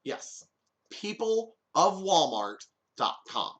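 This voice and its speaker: A man's voice: a little high, very animated, slow pace, fairly bright tone. A man hosting a podcast alone, giving comedic commentary with jokey, sarcastic asides. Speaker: podcast host.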